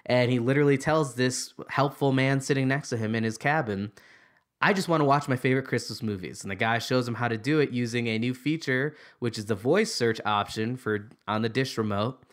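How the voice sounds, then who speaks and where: A man hosts a film podcast in easy, excitable chat. His voice sits in a middle range, and he gets carried away with enthusiasm and mild swearing. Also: medium pitch, a little fast, hardly any pauses. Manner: excitable, loose, swears mildly. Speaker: podcast host. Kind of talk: casual chat.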